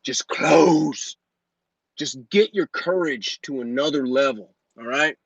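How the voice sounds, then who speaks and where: A man in his thirties runs a live Q&A, brash and joking and full of motivation, his voice sitting a little high for a man. The sound is dull and dry, as if captured on a phone. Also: slow, breathy edge, no room sound. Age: 30s. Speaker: host and business coach. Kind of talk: live Q&A stream.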